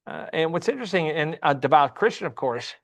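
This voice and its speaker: A man's voice: fairly high pitch, expressive, brisk, vocal fry, a bit bright. A man teaching a church Sunday class, often asking the class questions and repeating himself.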